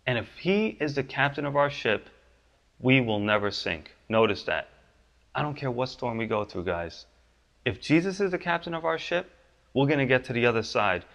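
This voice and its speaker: A pastor preaching a sermon, his voice climbing high and loud for the pleas and dropping low and soft on the promises. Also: expressive, normal speed, creaky, lo-fi sound.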